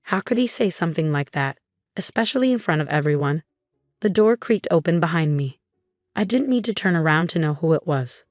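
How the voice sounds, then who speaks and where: A woman narrating a first-person story in an even, measured reading voice. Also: fairly low pitch, no echo, clean studio sound.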